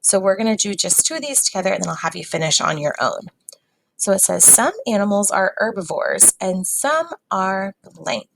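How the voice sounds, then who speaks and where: A woman teacher giving a recorded phonics lesson to young students, patient and sounding words out slowly. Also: medium pitch, animated, creaky, slight background noise, rough recording.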